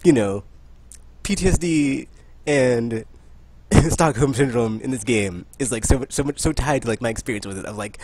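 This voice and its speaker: A man co-hosting a casual gaming podcast, ranting in an animated way, laughing and acting out quotes. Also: mid-range voice, moderate pace, no room sound. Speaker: podcast co-host.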